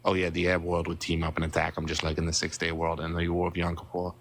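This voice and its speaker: A man in his twenties calling into a live stream, speaking in a halting, defensive way. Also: low-pitched, monotone, a bit bright, a little hiss or hum. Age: 20s. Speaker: caller. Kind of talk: casual call-in chat.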